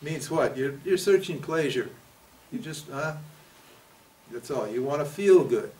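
A man's voice: fairly high pitch, expressive, measured pace, darkish tone. A man giving a spiritual teaching talk in a conversational way, often asking his listeners questions and acting out the prayers people make. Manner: conversational, asks the audience questions, acts out quoted prayers. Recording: voice picked up from a distance.

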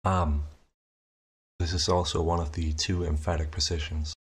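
A young man narrating a scripted explanation of his invented writing system, measured and methodical, slowing down to sound out each example. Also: deep voice, level tone, slightly rough. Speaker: conlang creator presenting his language.

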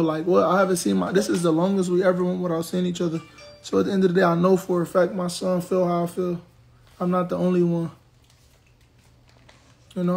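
Young dude venting on his live, high gravelly voice, cussing out commenters. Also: darkish tone. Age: 20s. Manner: blunt, profane, ranting at commenters. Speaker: social media personality on a livestream. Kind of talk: venting on a livestream.

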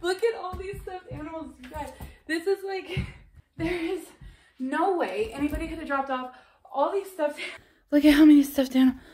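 A woman's voice: high-pitched, moderate pace, noisy background. A woman vlogging a staged scare, giggling and exclaiming breathlessly in mock fright. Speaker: family vlogger. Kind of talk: staged prank vlog.

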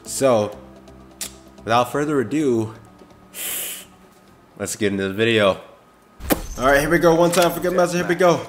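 A young man hosting a gaming video, talking casually through gameplay in a jumpy, excitable way with frequent yelps and swearing. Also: mid-range voice, moderate pace, pauses often, music in the background.

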